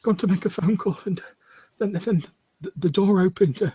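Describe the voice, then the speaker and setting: A man's voice: high voice, moderate pace, warm tone, slightly rough, no room sound, muffled recording, voice pushed up. A panicked young woman stammers through every word, as a man puts her on in a voice pushed far above his own. Her words tumble out in a frightened rush. It is a character from a tabletop horror game. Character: terrified young woman lost in the dark.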